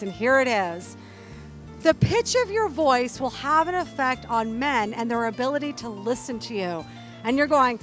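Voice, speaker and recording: A woman hosting a show, coaching her viewers straight to camera in an animated, playful way and acting out little quotes. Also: high-pitched. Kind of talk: direct-to-camera coaching talk.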